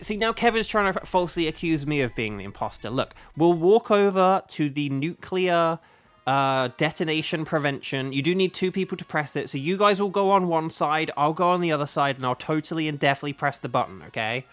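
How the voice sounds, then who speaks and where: A man who voices games, streaming a game and chatting casually, thinking aloud and breaking into loud playful outcries. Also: a little high, clean tone. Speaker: streamer and voice actor.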